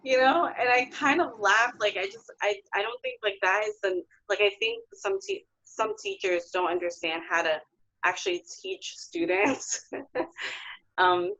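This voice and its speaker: Chatty female interview guest, medium pitch, muffled lo-fi line. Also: very animated, measured pace, a bit bright. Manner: chatty, many fillers. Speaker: guest, theatre producer. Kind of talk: casual interview chat.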